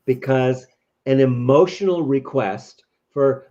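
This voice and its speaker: A man's voice: mid-range voice, unhurried, darkish tone. A man talking in an interview, explaining ideas thoughtfully with frequent restarts. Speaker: guest. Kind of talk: reflective interview talk. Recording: dull lo-fi audio.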